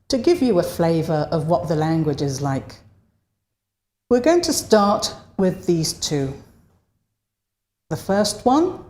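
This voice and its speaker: A woman teaching an online language lesson, modeling short phrases slowly and clearly for learners to repeat. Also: fairly low pitch, mellow, roomy sound.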